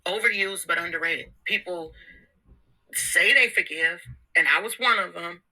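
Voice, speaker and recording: With poor audio, this self-help vlogger talks casually and slangily about motivation, frankly and with frequent laughter and repeated words. Her fairly low voice is bright and forceful, delivered at a normal speed.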